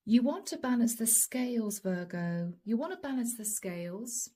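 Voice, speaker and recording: A woman giving a channeled tarot reading, soft and emotional, often dropping to a whisper. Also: a little high, animated, normal speed, few pauses. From Europe. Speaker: tarot reader.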